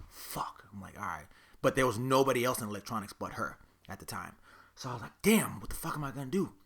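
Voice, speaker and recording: A young man hosting a podcast, telling a story in a casual, animated, profane way and acting out the dialogue. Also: lowish voice. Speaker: podcast host.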